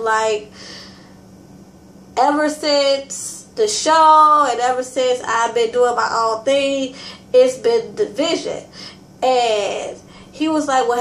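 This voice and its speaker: A woman casually recapping and commenting on a reality TV episode, talking straight to her viewers in a chatty way. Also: on the high side. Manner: chatty, addresses viewers as y'all, frequent fillers and restarts. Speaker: TV review host. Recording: echoey room with faint ambient noise.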